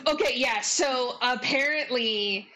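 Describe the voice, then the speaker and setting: A woman running a tabletop game, chatting casually between scenes in a slangy, animated way and laughing often. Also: on the high side, slow pace, a little hiss or hum, poor audio. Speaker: game master. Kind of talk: casual out-of-character chat.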